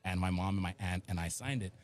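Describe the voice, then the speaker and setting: A man's voice: low voice, fast, faint music behind. A middle-aged man from the Rio Grande Valley, telling rambling stories in casual chat and acting out the quotes. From Rio Grande Valley, Texas. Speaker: musician and radio guest.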